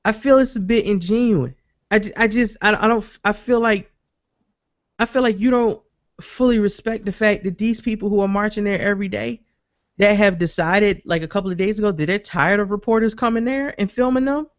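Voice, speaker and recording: A man's voice: high-pitched, fairly quick, no room sound, muffled recording. A man on a casual podcast, telling a story with energy, swearing freely and acting out what people said. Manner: animated storytelling, acts out quotes, swears freely. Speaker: podcast host. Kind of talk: casual chat.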